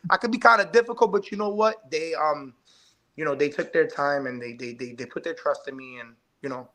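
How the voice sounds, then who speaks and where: This professional wrestler, guesting on a live online interview podcast, talks a little fast with a somewhat bright, higher-pitched voice. His delivery is emphatic and hype-driven.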